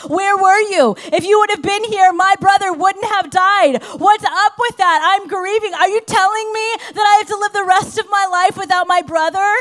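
A woman preacher voicing a grieving woman pleading in anguish, her voice raised and climbing high. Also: normal speed, hardly any pauses, a bit bright.

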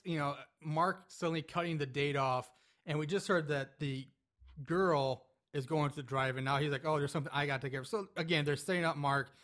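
A man casually recapping a movie scene by scene in a relaxed podcast chat, rambling and laughing and acting out lines from the film. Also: fairly high pitch.

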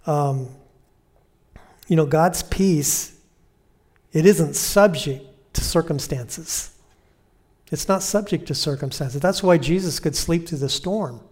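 A man preaching a conversational sermon, repeating key phrases and slowing down to quote Scripture softly. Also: fairly high pitch. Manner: slows and softens when quoting Scripture.

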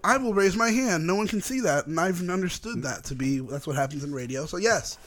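A man co-hosting a podcast in casual chat, loud and joking, slipping into high-pitched impressions. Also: lively intonation, brisk. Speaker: podcast co-host.

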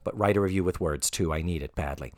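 A man hosting a comedy podcast, chatting casually and camply, dropping into quick character voices as he retells scenes. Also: sits low, no room sound, studio quality. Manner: animated, camp, does quick voices of characters. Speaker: podcast host.

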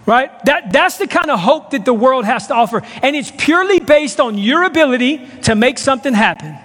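A male pastor preaching a sermon in a church, lively and conversational, repeating his key phrases. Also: very high voice, a little fast, in a large hall. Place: church sanctuary.

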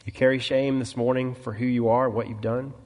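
A male pastor preaching a sermon, telling a story and acting out the quoted voices, clearing his throat often. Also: medium pitch, flat delivery, a little fast, a little mellow, in a large hall. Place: church sanctuary.

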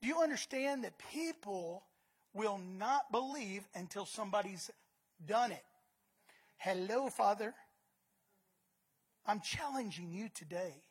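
A woman preaching a sermon, emphatic, repeating words and swinging between loud and soft. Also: mid-range voice, animated, takes it slowly, pauses often, husky.

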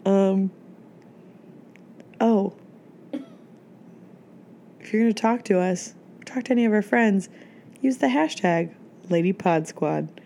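A woman's voice: medium pitch, slow, pauses often, mellow, a little hiss or hum. Giggly woman podcast co-host. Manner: jokey, giggly, mock-seductive sign-off. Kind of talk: casual chat. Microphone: close mic.

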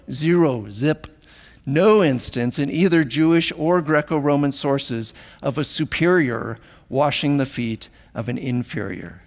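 A male pastor preaching a sermon, animated and emphatic, repeating words for effect. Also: fairly high pitch. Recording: long reverb of a hall.

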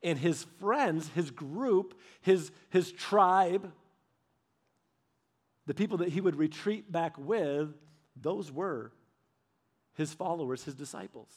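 A man with a notably high speaking voice delivers a sermon. His style is conversational and anecdotal, and he often turns to address his listeners directly. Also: slow pace, long pauses. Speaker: pastor.

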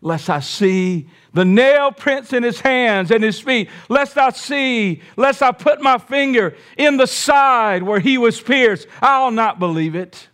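Preacher playing a stubborn doubting apostle, insistent, climbing to a shout. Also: male voice, very high voice, expressive, slow, few pauses, clear, resonant tone, voice pushed up, full character voice. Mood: defiant. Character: doubting apostle Thomas, stubborn and defiant man.

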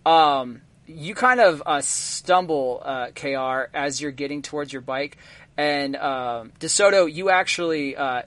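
This is a man running a tabletop game as its master, setting scenes and calling for rolls. He speaks in a slightly raised pitch and pauses often to fill with ums and uhs. The sound is close and dry, with no room around it. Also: fairly bright tone, no echo. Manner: halting, full of ums and uhs.

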